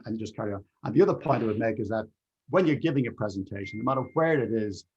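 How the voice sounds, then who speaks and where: Earnest man with a husky voice. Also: mid-range voice, darkish tone, dull audio. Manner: earnest, repeats key words for emphasis. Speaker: guest, presentation skills trainer. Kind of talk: conversational interview answers.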